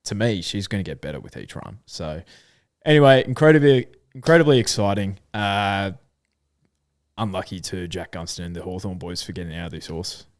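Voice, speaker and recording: A man's voice: deep voice, fairly even intonation, normal speed, dry recording, clean studio sound. A man with an Australian accent co-hosting a casual horse racing podcast, thinking aloud with plenty of fillers. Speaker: podcast co-host.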